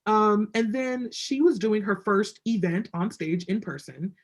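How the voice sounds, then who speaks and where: A woman's voice: mid-range voice, a little slow. A woman as an interview guest, telling a story casually and acting out what people said to her. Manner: chatty, acts out quoted voices. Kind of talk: casual storytelling on a video call.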